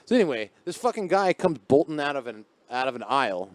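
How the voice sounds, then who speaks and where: Man, podcast co-host, rambling, swears a lot, medium pitch, dry close sound. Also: sing-song, fast talker, dry recording. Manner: rambling, profane storyteller. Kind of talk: casual podcast chat. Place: garage.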